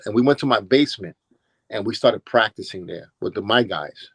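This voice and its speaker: A lowish, husky voice, a little fast and free of room sound, belongs to a Brooklyn-born ex-b-boy being interviewed. He rambles through casual stories in a New York accent, restarting and performing what others said.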